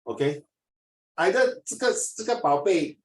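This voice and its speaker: A middle-aged man with a Malaysian English accent teaching an English lesson, lively and lecturing, mixing in Mandarin. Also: high-pitched, slow pace, reverberant, rough recording. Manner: animated, switches between English and Mandarin, lectures and acts out scenes. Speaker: English tutor. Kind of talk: classroom lesson.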